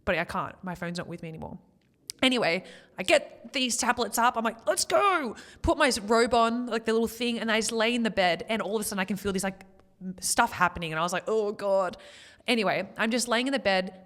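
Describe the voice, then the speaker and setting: A young woman, sharing a painful personal story as a podcast co-host, emotional and near tears at times but quick to laugh. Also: medium pitch, fairly bright tone.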